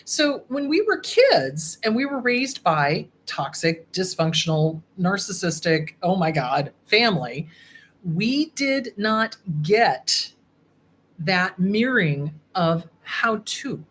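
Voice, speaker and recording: This is a woman therapist hosting her own talk show, speaking to the camera in a casual, emphatic way. Her pitch moves freely up and down as she acts out the inner voices she describes. A faint hum of room noise sits behind her. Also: big pitch swings, slow pace, fairly bright tone. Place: home office at a computer.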